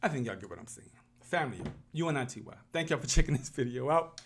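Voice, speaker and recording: A man's voice: mid-range voice, animated, fast talker, a little hiss or hum. A man, speaking in an impassioned, preachy vlog style and repeating his phrases for emphasis. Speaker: YouTube commentator. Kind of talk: impassioned motivational vlog talk.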